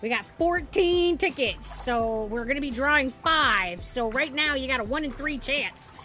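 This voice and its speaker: A woman streamer with a high, bright voice talks casually to her chat. She is bubbly and excitable. Faint game music plays behind her. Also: measured pace. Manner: bubbly, excitable, cheering and laughing.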